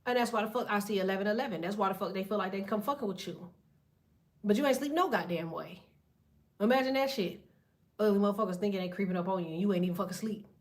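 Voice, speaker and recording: A woman's voice: mid-range voice, fast. A woman giving a casual tarot reading, talking bluntly with heavy profanity and a preachy edge. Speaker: tarot reader.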